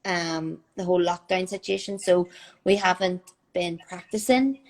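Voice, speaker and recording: A woman's voice: lowish voice, fairly even intonation, moderate pace, a little mellow. A young woman with a Northern Irish accent, chatting casually as a guest on a live video call from home, with lots of fillers. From Northern Ireland.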